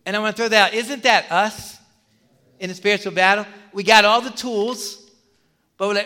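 A male pastor giving a sermon in a conversational, animated way, telling a story with many asides. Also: high-pitched, moderate pace, pauses often, in a large hall.

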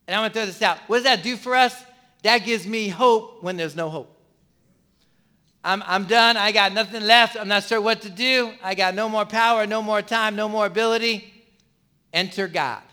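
Man, middle-aged, pastor, earnest sermon, restarts words, bright tone. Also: sits high. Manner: earnest, repetitive preaching with stammered restarts.

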